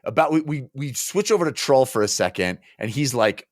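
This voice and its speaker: A man's voice: mid-range voice, expressive, fairly quick, no echo, studio quality. A man co-hosting a podcast, retelling a book's scenes in casual, enthusiastic chat with plenty of fillers and restarts. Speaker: podcast co-host. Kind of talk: casual book discussion.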